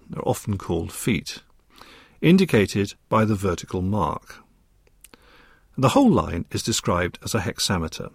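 Male lecturer with a scholarly, precise delivery, very animated intonation, dry close-miked studio sound. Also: fairly low pitch, vocal fry, husky, dry recording. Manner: measured, precise and scholarly, with a lively rising and falling delivery. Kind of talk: recorded academic lecture.

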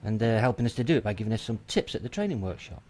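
A man's voice: lowish voice, expressive, racing, darkish tone. An actor with a Northern English accent playing a sardonic young student explaining his plans. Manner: dry, sardonic. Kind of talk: scripted educational drama.

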